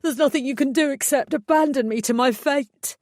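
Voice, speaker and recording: A woman's voice: fairly quick, darkish tone, no echo, clean studio sound, lightly acted. A woman voicing a vain, panicky young male fairy who wails melodramatically. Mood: mournful. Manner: shrill melodramatic wailing.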